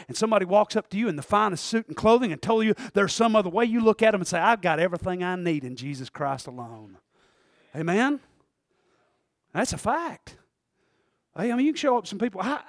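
Preacher guy, real high voice, folksy, goes quiet then shouts, dry sound. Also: no room sound. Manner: folksy, swings from hushed asides to shouting. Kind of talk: sermon.

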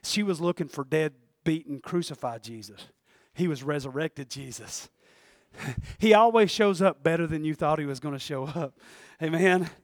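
A man preaching a folksy, animated sermon that swings between loud and hushed. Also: a little high, moderate pace, dry recording, clean studio sound. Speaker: pastor.

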